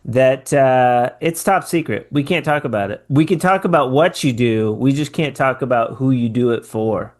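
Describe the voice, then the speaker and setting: A man's voice: medium pitch, moderate pace, hardly any pauses. A man hosting a casual interview podcast, upbeat and playful in tone. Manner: upbeat, playful, laughs often. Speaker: podcast host.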